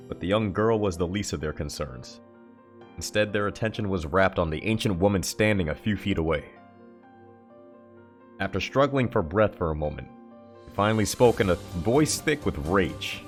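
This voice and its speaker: A man's voice: low voice, animated, normal speed, soft background music. A man reading a novel aloud on a live stream, stumbling and correcting himself now and then. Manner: occasional stumbles and self-corrections. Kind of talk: dramatic book reading on stream.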